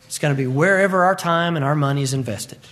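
Male preacher, high voice, emphatic sermon delivery with repeated lines. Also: fast, a bit bright. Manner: emphatic, repeats key lines, quotes scripture.

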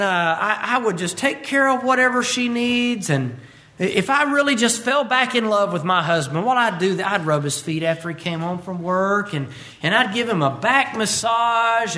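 Male preacher, high voice, emphatic sermon delivery with repeated lines. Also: pushed and bright. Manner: emphatic, repeats key lines, quotes scripture.

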